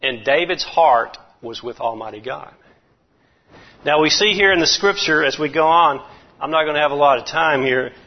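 A man preaching a folksy, animated sermon, chuckling as he goes. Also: fairly high pitch. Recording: muffled lo-fi recording.

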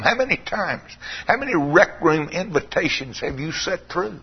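A man preaching a sermon in a dramatic, drawn-out way, sometimes dropping to a hushed, pleading tone. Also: high voice, breathy edge. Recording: dull lo-fi sermon recording.

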